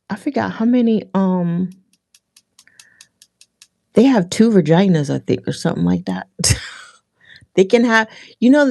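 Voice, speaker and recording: Low, gravelly-voiced woman livestreamer. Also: a little mellow, no room sound, clean studio sound. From Philadelphia area. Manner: chatty, rambling, frequent restarts and fillers. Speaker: livestream host. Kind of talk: casual livestream chat with viewers.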